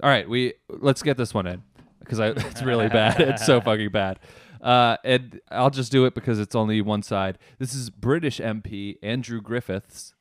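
A man's voice: mid-range voice, normal speed, dry recording. Man, comedy podcast host, casual chat, laughing, dry recording. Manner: laughing, leads the bits.

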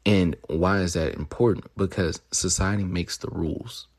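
Low gravelly husky-voiced podcast host. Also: male voice, moderate pace. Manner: swaggering, rambling, with crude humor and mock-lecturing asides. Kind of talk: profane solo podcast monologue.

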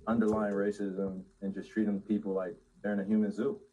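Low, mellow-voiced man at a press conference. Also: level tone, husky, highs cut off. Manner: measured, hesitant, fillers. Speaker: professional athlete at press conference. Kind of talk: post-game press conference.

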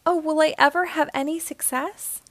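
Woman reading as a young girl seahorse from a rhyming storybook, high and eager, dry close sound. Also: normal speed, no echo. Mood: dismayed. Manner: sing-song storybook rhyme, gently expressive.

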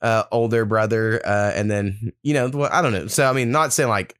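A podcast host chats casually, telling loose, profane stories packed with fillers. His lowish voice is clear, resonant and a bit bright, with fairly even intonation at a moderate pace. The sound is clean studio quality with no room sound.

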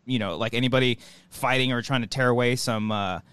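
A young man hosting a loose podcast chat in a dry, close room. He laughs a lot, trails off mid-thought and slips into quick impressions while telling stories. His voice sits at an average pitch. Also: a bit bright, clear, resonant tone, no room sound. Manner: laughs often, tells stories with put-on voices. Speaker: podcast host. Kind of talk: casual chat.

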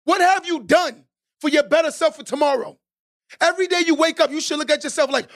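Very high-voiced man preaching motivation. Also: brisk. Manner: emphatic and preachy, repeats key lines for stress; builds to shouted exhortations. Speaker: podcast host. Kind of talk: motivational podcast monologue.

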